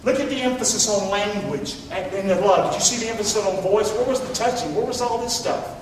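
Captured from a distance in a reverberant church hall with a little background noise, a middle-aged male pastor delivers a sermon in a high voice at a fairly quick clip. He preaches emphatically, urging the congregation to respond.

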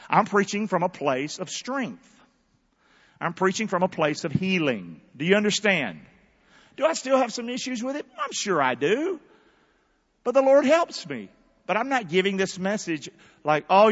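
A man's voice: fairly high pitch, highs cut off. Fiery preaching man in a big hall. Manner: fiery call-and-response preaching, shifting from hushed to shouting. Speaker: pastor. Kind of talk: sermon. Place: large church hall.

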